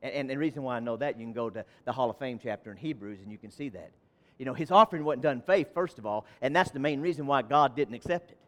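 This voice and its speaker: A man preaching a sermon as pastor, repeating phrases and swinging between loud calls and quiet stretches, with fervent exclamations. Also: mid-range voice, expressive, quick pace. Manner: moves around while preaching.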